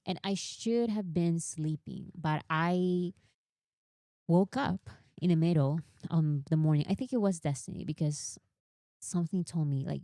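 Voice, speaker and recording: A woman chatting on her live stream, giving animated fan commentary and reading quotes aloud. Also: sits low, dry recording, clean studio sound.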